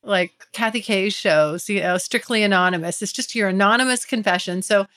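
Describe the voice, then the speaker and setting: A woman's voice: medium pitch, moderate pace, fairly bright tone. A woman hosting a podcast, talking candidly and casually, often laughing and addressing her listeners directly. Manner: chatty, giggly, confessional, addresses listeners directly. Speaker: podcast host.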